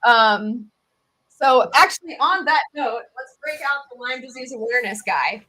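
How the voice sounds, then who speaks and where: A woman with a Southern US accent, a tick researcher chatting as a guest in a casual video podcast, animated and full of quick asides. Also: on the high side.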